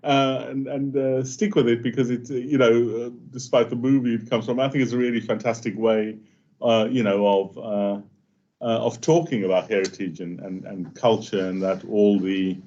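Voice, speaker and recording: A man giving a halting academic seminar talk, full of fillers and restarts, over muffled online call audio. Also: mid-range voice, little pitch movement, dark tone. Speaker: invited speaker.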